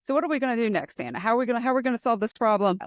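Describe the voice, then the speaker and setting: Talking rapid-fire with no echo, a US podcast host conducts a conversational interview. She comes across as enthusiastic and emphatic, and her pitch climbs when excited.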